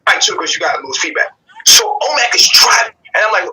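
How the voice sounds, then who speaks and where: A man's voice: sits high, very animated, quick pace, bright, forceful tone, low-quality recording. A man hosting a live call-in show, telling a long personal story with lots of slang and swearing, acting out what each person said. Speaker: show host.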